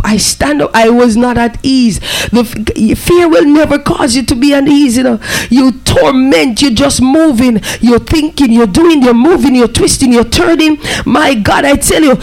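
A man's voice: very high voice, low-quality recording. A man preaching a fervent sermon, breaking in often with amen and praise be to God.

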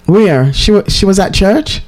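A woman's voice: mid-range voice, lively intonation, measured pace, darkish tone. A woman chatting casually with a friend, laughing often and arguing playfully. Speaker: church member. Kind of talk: casual chat between friends.

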